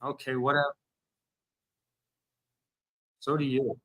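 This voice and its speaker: A man's voice: mid-range voice, level tone, slow pace, a bit bright. A man arguing over the phone, exasperated and repetitive, swearing as he insists on what happened. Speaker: streamer. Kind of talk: heated one-sided phone argument.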